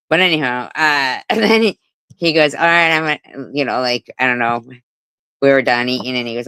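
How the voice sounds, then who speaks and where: A woman's voice: sits low, a bit bright, smooth, dry recording, poor audio. A middle-aged woman hosting a live stream, telling a rambling story with swearing and laughs. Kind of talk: casual live stream chat.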